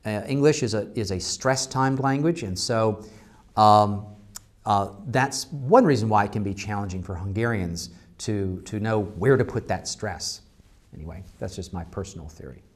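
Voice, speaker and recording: A man's voice: lowish voice, moderate pace. A man, a university language instructor, giving thoughtful interview answers with many fillers and restarts. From United States.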